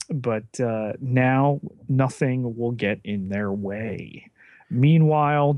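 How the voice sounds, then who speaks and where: Slow, measured man breaking down a show. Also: medium pitch, dry recording. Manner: measured, analytical, picks apart motives and stakes. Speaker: podcast co-host. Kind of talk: casual episode recap.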